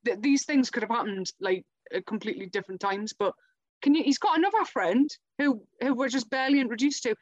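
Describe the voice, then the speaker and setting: A woman with a high voice chats on a podcast, swearing freely and acting out film scenes. The recording is dry and close. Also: lively intonation, fast talker, no echo, dull audio. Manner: sweary, laughing, retelling scenes. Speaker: podcast co-host. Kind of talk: casual chat.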